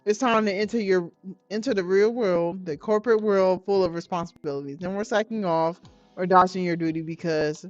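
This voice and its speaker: A woman's voice: fairly low pitch, a little fast, darkish tone, no echo, faint music behind, close to an everyday voice. A woman voicing a stern, wealthy older father who scolds coldly, on a dull lo-fi recording. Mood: scornful. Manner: cold, scolding, lecturing.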